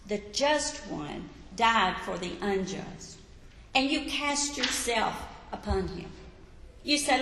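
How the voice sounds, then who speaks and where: A woman preaching a sermon, emphatic, rising to loud peaks and telling listeners to write points down. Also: a little high, animated, slow, a little hiss or hum. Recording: echoey hall with long reverb.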